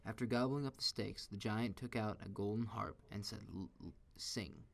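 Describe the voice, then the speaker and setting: A man reads a children's story aloud in a steady, expressive manner. His voice sits low and carries a gravelly texture. He gives each sentence a storyteller's weight. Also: normal speed.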